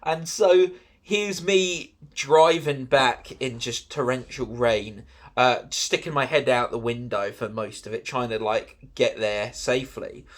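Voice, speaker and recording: English man, podcast host, casual storytelling, filler-heavy, exasperated, mid-pitched voice. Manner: rambling, full of "like" and "um"; animated, quick to sound exasperated.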